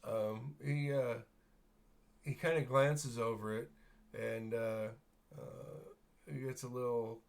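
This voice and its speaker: A man narrating a tabletop game as game master, describing scenes with many pauses and fillers. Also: mid-range voice, fairly even intonation, vocal fry.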